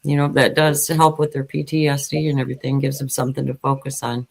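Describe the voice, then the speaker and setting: A man co-hosting a casual chat, easygoing and a little halting, repeating words as he goes. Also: medium pitch, completely flat delivery, creaky. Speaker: co-host.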